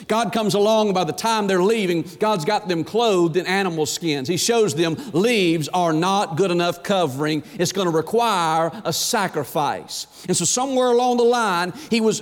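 A man's voice: high voice, in a large hall. A man preaching a sermon, emphatic and quoting scripture, asking the listeners rhetorical questions.

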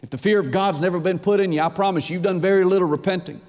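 A pastor delivers an emphatic sermon, piling up rhetorical questions. His voice sits high for a man. The sound rings with the long reverb of a church sanctuary. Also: racing, a little mellow.

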